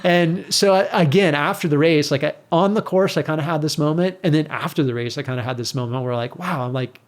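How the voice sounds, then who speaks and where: A middle-aged man, appearing as a guest on an interview show, tells a story casually and with animation, acting out the exchanges he quotes. His pitch is fairly high and he speaks fairly quickly.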